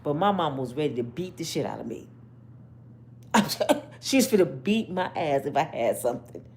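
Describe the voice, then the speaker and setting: A woman's voice: low voice, lively intonation, moderate pace, a little mellow, slight background noise. A woman host giving brash, profane storytelling commentary, laughing often.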